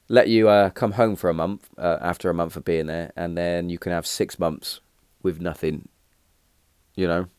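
A man in his thirties casually telling rambling stories, lively at the punchlines, with many restarts. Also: low voice, clean tone, dry recording, clean studio sound. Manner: rambling, animated when telling a punchline, frequent restarts and fillers. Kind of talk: casual storytelling.

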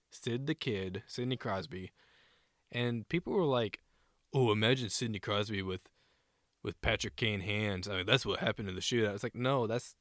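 A man co-hosting a casual sports podcast, animated and a bit profane, often acting out players' shouted lines. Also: lowish voice, dry recording, studio quality. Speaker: co-host.

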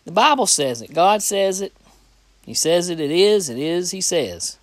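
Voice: medium pitch, very animated, unhurried, no echo. Folksy preacher in a dry room. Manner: folksy, plain-spoken, repeats phrases for emphasis. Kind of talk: conversational sermon with scripture reading.

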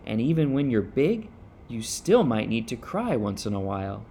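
A man doing a gentle mother rabbit. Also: mid-range voice, very animated, normal speed, breathy edge. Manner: gentle, soothing.

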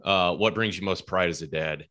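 A man with a low voice hosts a casual interview, encouraging his guest and affirming each answer. The sound is close and dry. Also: moderate pace, pushed and bright, no echo. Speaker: podcast host.

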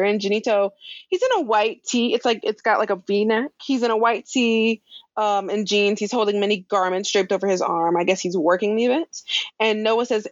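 A woman's voice: mid-range voice, no room sound. A laid-back woman recaps a TV episode in casual podcast chat. She swears offhandedly and laughs often. The recording is dry and a little dull. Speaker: podcast co-host recapping a show.

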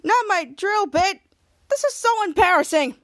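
Woman voicing a male supervillain, whiny, wailing, very high voice. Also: lively intonation, a little slow, a bit bright, dry recording, exaggerated voice. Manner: wailing, exaggerated complaining.

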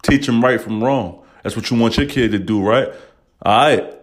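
This man, with a medium-pitched voice and normal speed, hosts a casual podcast. He talks bluntly and emotionally, swears a lot, and keeps saying "you know what I'm saying."

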